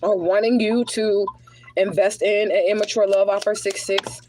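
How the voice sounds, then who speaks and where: Woman, spiritual card reader, relaxed streaming chat, direct address to viewers. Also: mid-range voice, moderate pace, background noise. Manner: casual, chatty, talks straight to viewers as y'all; drops into prayerful invocation. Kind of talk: livestreamed tarot reading.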